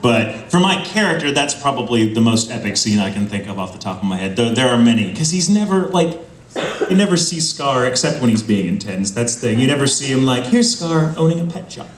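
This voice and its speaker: A man's voice: medium pitch, lively intonation, a little fast. A man who is a voice actor, chatting on a convention panel, enthusiastic and rambling, laughing often. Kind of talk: casual convention panel talk. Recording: echoey hall, mic from far off, crowd noise.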